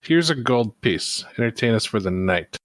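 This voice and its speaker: A man's voice: medium pitch, animated, moderate pace, fairly bright tone, no room sound, studio quality. A man, a player in a tabletop game, speaking in character with a commanding, menacing manner. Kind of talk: in-character tabletop role-play.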